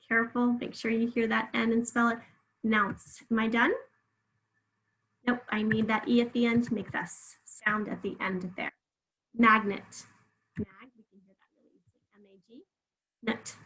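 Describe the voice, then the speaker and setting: A woman with a bright, forceful tone and a slightly high voice leads a spelling lesson. She breaks each word into syllables and sounds them out patiently, with friendly encouragement. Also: low-quality recording. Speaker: teacher.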